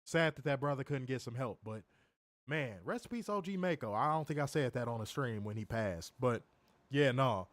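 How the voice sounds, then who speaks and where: A man co-hosting a casual live stream, talking loudly and profanely and teasing his viewers. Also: medium pitch, expressive, normal speed, dry recording, studio quality. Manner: loud, profane, teasing banter addressing viewers. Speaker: co-host of a wrestling review stream.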